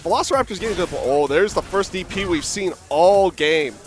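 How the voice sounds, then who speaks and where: Animated American man calling fighting-game action. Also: high voice, faint music behind. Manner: excitable, animated play-by-play with quick exclamations. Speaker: tournament commentator. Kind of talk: live esports commentary. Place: gaming venue with music playing.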